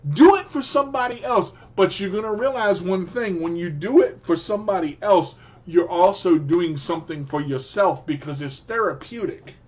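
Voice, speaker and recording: A male radio host with a fairly high voice that swings up and down as he drives his points home. He talks in a preacher-like, motivational way and circles back to repeat himself. The recording sounds dull and lo-fi. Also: expressive, normal speed, few pauses. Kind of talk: motivational talk.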